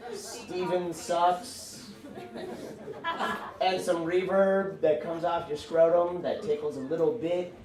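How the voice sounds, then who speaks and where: A man co-hosting a live poetry night, reading spoken word and joking theatrically with the audience in a bar venue. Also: sits high. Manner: theatrical, jokey and rambling. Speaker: poetry show co-host. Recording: echoey room from a distant mic with crowd.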